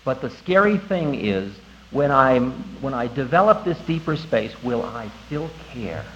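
A man giving a conversational spiritual talk to an audience, animated and laughing at himself. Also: mid-range voice, measured pace. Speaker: spiritual teacher. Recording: dull lo-fi recording with faint ambience.

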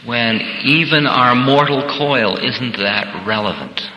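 Man teaching a workshop, reflective and conversational, bright sharp voice, long hall reverb. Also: mid-range voice, takes it slowly, dull audio, a little hiss or hum. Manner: reflective, conversational, acts out little scenarios. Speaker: spiritual teacher. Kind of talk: workshop talk.

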